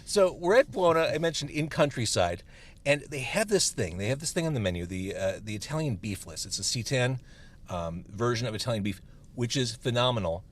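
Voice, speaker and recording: A man's voice: medium pitch, brisk. A man hosting a podcast, chatting casually and playfully in a parked car over food. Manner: chatty, playful, animated delivery. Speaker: podcast host.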